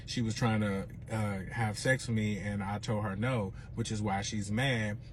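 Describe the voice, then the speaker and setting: A man voicing his hesitant, placating boyfriend in a low, hushed, stumbling way. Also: steady tone, a little slow, slight background noise, lightly acted.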